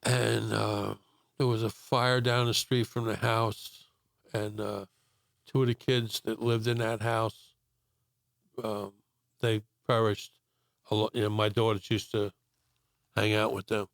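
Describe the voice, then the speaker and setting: An older man with a gravelly, rough-edged voice tells his story in a relaxed, rambling way, full of pauses and fillers. He is recorded close on a dry mic with no room sound. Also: fairly low pitch, no echo. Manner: rambling storytelling with many fillers and acted-out quotes. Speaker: guest telling his faith story. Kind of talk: casual testimony interview.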